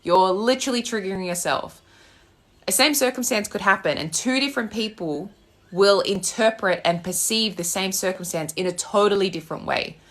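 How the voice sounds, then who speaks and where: A woman's voice: medium pitch, normal speed, fairly bright tone. A young Australian woman, a manifestation coach, ranting bluntly on a live stream and swearing freely. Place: home with loud birds outside.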